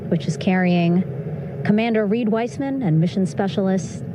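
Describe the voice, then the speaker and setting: A woman's voice: mid-range voice, moderate pace, background noise. A woman giving upbeat live broadcast commentary, chuckling often as she describes what she sees.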